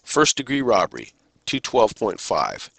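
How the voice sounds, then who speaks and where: Low, bright-toned male lecturer. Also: wildly swooping pitch, gravelly, breathy edge, no room sound. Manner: measured, deliberate delivery with pauses and occasional restarts. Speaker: criminal justice lecturer. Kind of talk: recorded lecture.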